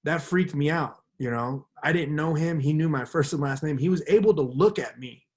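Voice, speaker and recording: A man's voice: fairly high pitch, normal speed. Man telling a rambling story on a podcast. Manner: rambling, animated storyteller acting out quotes. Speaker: podcast co-host. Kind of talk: casual storytelling chat.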